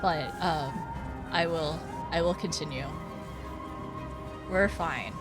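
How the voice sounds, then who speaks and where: A woman's voice: low voice, slow pace, music in the background. A young woman streaming a game, chatting casually with her viewers, flustered and often laughing. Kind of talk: casual live-stream chat while gaming.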